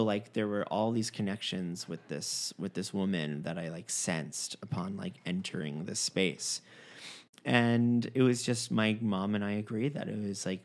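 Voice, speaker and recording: A man telling a personal story in casual conversation, acting out the dialogue with many restarts. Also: lowish voice. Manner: animated storyteller, acts out quoted dialogue, frequent restarts.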